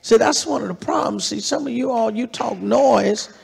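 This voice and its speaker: A male pastor preaching a sermon with call-and-response, building to shouts, recorded live in a church. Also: extremely high pitch, moderate pace, gravelly, slightly rough. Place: church sanctuary. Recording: live church hall reverb with congregation.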